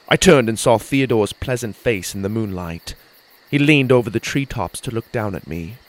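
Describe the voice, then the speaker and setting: A man reading a first-person fairy-tale story in an earnest, expressive way. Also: medium pitch, poor audio. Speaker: storyteller and podcast host.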